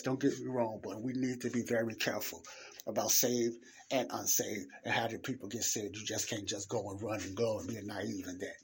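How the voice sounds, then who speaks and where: A man preaching in an informal podcast monologue, earnest and emphatic, repeating key phrases for stress. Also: medium pitch.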